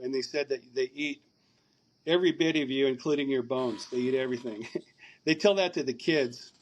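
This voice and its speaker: A man, a podcast guest, telling a long story over a remote call, rambling and repeating words as he recounts conversations. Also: mid-range voice.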